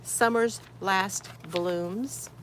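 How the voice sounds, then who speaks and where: Her pace is very slow, her pitch medium, and her intonation fairly even, with a fairly bright tone and a slight hiss or hum in the recording. She hosts a crochet channel, livestreaming casually from her she shed, calling out viewers by name, reading chat comments aloud, and laughing frequently.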